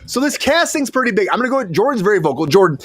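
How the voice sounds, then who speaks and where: A man hosting a casual comedy news panel. He steers the talk with profane, quick asides. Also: high voice, very animated, a bit bright. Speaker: host.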